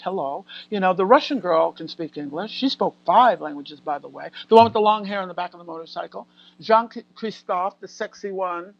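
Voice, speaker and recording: An American actress talking casually as a guest in an interview, animated and laughing often as she acts out what people said. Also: mid-range voice, no echo, muffled recording. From United States. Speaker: guest actor.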